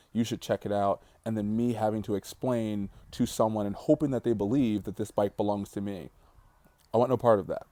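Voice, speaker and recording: A grieving man in his thirties talks earnestly and reflectively in a personal vlog. His voice is low and mellow, and he lingers over the heaviest words. The recording is dry and close, with no room sound. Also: no echo. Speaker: vlogger.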